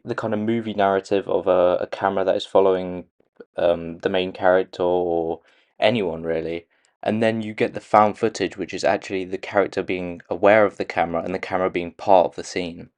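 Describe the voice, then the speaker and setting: Direction: hesitant man, fairly low voice. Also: darkish tone. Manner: hesitant, many "um"s and restarts. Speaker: video creator analysing a movie trailer. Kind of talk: casual commentary.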